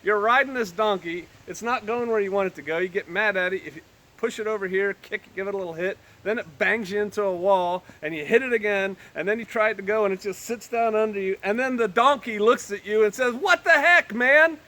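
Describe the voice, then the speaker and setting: A man with a high, bright, sharp voice reads old-fashioned scripture aloud at a fast clip. He keeps breaking off for joking, offhand remarks in plain modern speech, like a Bible teacher with a small group.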